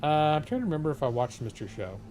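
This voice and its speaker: A man's voice: on the high side, very animated, quick pace, mellow, a little hiss or hum. A man streaming a video game and chatting in a digressive way, filling his talk with fillers while he retells old comedy sketches. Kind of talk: rambling gameplay commentary on a live stream.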